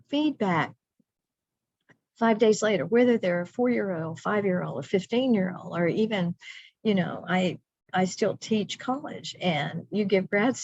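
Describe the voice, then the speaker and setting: A woman's voice: medium pitch, a little mellow, no echo. A middle-aged woman presenting a teacher workshop, chatty and upbeat with playful asides. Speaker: teacher trainer. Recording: dry dull lo-fi recording.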